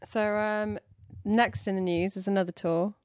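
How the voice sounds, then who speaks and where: A woman's voice: mid-range voice, steady tone, a little slow, a little mellow, no room sound, clean studio sound. A woman co-hosting a podcast, talking casually with frequent ums and reading out listener questions. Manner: hesitant, lots of ums, giggly. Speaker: podcast co-host. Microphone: studio microphone.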